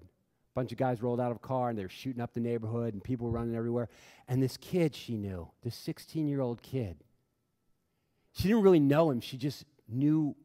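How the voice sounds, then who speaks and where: This middle-aged man, a humanist chaplain, speaks with passion to a crowd filling a large hall, repeating key phrases as he earnestly tells his stories. He has a warm, mid-range voice, and the room lends a long reverb.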